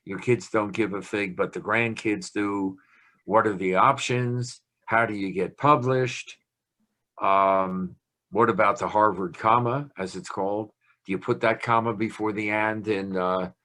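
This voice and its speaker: A man's voice: fairly low pitch, fairly even intonation, measured pace, pushed and bright. An older man speaking on a video call, giving a playful, chatty talk about grammar and punctuation. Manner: playful, chatty lecturer with a teasing tone. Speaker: guest speaker on language.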